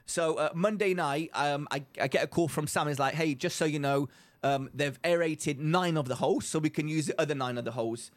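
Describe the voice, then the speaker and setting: Man, young adult, podcast co-host, casual storytelling, fairly high voice. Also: brisk. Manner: animated storyteller who acts out quotes.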